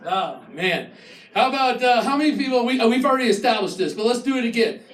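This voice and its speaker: A man doing a stand-up comedy set, ranting and mocking, breaking into shouted impressions. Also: very high-pitched, lively intonation, quick pace, reverberant, far from the mic. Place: live comedy venue with an audience.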